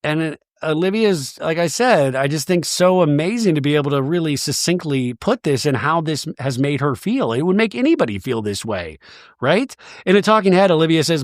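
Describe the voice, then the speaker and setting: A man hosting a podcast, recapping a reality show in casual, animated commentary. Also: fairly high pitch, moderate pace, no room sound, studio quality. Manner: animated, acts out quoted lines. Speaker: podcast host.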